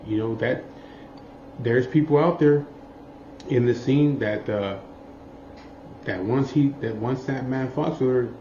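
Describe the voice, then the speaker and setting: Slow and mellow, pausing often, a man at medium pitch rambles through a foul-mouthed tale from his biker days, repeatedly checking in with "you know what I mean." The audio is muffled and roomy, with faint noise behind him.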